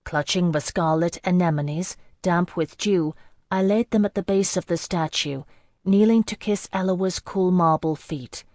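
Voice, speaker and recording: A woman reads a fantasy audiobook in the first person, measured and even. Her voice is low for a woman. The recording is close and completely dry. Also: no echo. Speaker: audiobook narrator.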